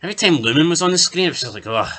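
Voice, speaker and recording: A husky-voiced man co-hosts a TV review podcast, summarizing an episode's plot in relaxed, joking chat with asides. His voice is a little high, expressive and sharp, and he talks at a racing pace.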